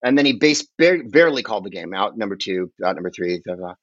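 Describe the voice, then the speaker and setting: A man telling long, rambling, animated stories in casual chat as a podcast guest, often swearing along the way. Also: on the low side, fast talker, no room sound, highs cut off. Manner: rambling, animated, profane storyteller.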